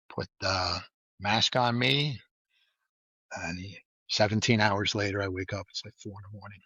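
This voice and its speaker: A man with a bright, forceful voice tells a story as a podcast guest. He talks in a lively, casual way, laughs often, and slips into the voices of the people in his story. The sound is close and dry. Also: fairly low pitch, moderate pace, slightly rough, no room sound, lo-fi sound. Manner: animated storyteller who laughs often and acts out quoted lines. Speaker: guest, former state trooper.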